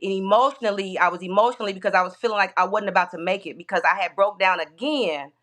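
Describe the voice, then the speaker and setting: A woman guest on a podcast tells a long story from the road. She rambles and restarts her sentences often. Her voice sits in a middle pitch. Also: quick pace, a bit bright. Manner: rambling, with many restarts and "you know"s.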